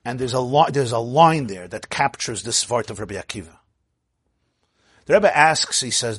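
A man teaching a Torah class as a rabbi, telling stories and acting out quoted speech with big jumps in pitch and loudness, thinking aloud with restarts. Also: lively intonation, moderate pace, slightly rough, dry recording, studio quality. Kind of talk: Torah lecture.

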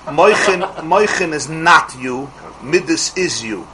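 A middle-aged man teaching a Torah class as a rabbi, asking rhetorical questions and restarting his phrases quickly. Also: on the high side, animated, noisy background.

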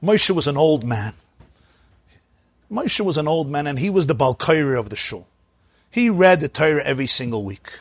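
A man preaching, telling a story in an animated, conversational way with frequent asides. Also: fairly high pitch, no echo. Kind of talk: sermon storytelling.

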